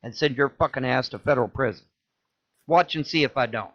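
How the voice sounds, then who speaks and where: A man delivering an angry, profane rant, cursing loudly and repeating himself. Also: medium pitch, a little fast. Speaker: ranting video creator. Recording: dull lo-fi audio.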